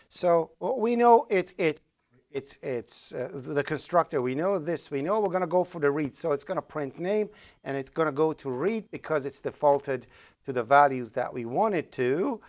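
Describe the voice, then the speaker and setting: A man's voice: fairly high pitch, creaky. A man lecturing a class on programming as he codes live, with a Persian accent, thinking aloud and correcting himself as he goes. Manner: thinks aloud while coding, with fillers and self-corrections.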